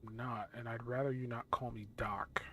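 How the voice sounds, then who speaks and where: A man voicing a calm, probing male doctor in whispered role-play. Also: on the high side, gravelly, slight background noise. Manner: hushed, measured.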